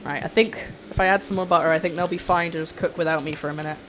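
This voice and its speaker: A young woman chatting to her viewers while cooking on a livestream in her home kitchen, excitable and a little flustered. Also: deep voice, very fast, noisy background. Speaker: streamer. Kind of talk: casual cooking livestream chat.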